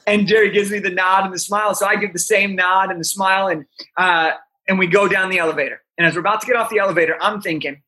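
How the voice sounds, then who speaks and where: A young man in his twenties, a podcast guest, telling an animated story with frequent "right?" asides. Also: sits high, fast.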